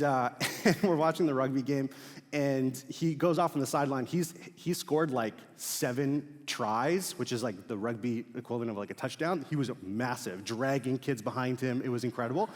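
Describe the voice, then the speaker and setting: A young man preaching a sermon as pastor, telling stories in a casual, animated way with fillers and laughs. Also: fairly high pitch. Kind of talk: sermon with storytelling. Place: large church auditorium. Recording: long hall reverb.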